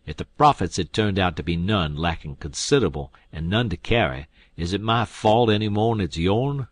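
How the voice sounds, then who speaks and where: A man voicing a blustering, snappish old male con man in an audiobook, loud and scolding. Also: sits low, unhurried, no room sound. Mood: defensive. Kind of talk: audiobook character voice.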